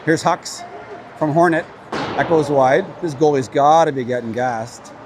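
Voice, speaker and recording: A man's voice: fairly high pitch, measured pace, background noise. A man casually calling an amateur hockey game on a livestream, chatty and openly cheering for his team. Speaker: play-by-play commentator. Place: at a rink with a crowd.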